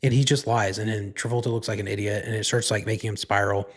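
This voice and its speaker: A man's voice: fairly low pitch, steady tone, fast talker, husky. A man hosting his own podcast, retelling a film's plot in a loose, rambling, profane way, full of "like" and "right?". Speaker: podcast host. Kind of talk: casual movie recap.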